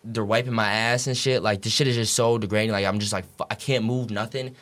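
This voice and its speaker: A man's voice: lowish voice, fairly even intonation, fast, a bit bright. A young man telling his story as a podcast guest, casual and rambling, swearing freely and filling his talk with "like" and "dude". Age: young adult. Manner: profane, rambling, full of "like" and "dude".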